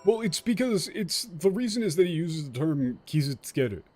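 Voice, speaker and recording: 男主播，随口骂几句的游戏解说. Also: male voice, on the high side, very animated, brisk, a little mellow, soft background music. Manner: analytical, picks apart translation word by word; casual, swears freely. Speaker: game streamer. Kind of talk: let's play commentary.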